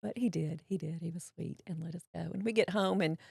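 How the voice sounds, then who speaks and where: A woman, telling a personal story as an interview guest, folksy and animated, acting out what others said. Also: lowish voice, a little fast, gravelly, husky, no echo, studio quality. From Mississippi, US.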